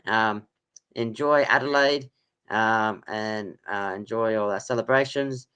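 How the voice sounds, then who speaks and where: A man's voice: lowish voice, measured pace, sharp tone, clean tone. A man hosting a casual sports podcast quiz, rambling with lots of ums and laughs. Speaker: podcast host running a quiz. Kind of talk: casual chat.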